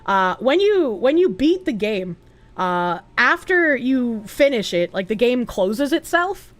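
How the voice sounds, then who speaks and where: A woman's voice: on the high side, sing-song, slow. A woman streamer chatting casually, answering viewer chat aloud and swearing freely.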